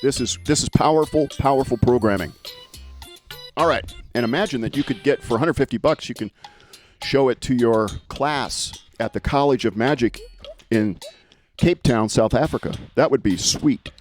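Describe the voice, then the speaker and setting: A man hosting a casual livestream chat, excitable and repeating phrases for emphasis. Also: mid-range voice, moderate pace, soft background music. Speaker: host.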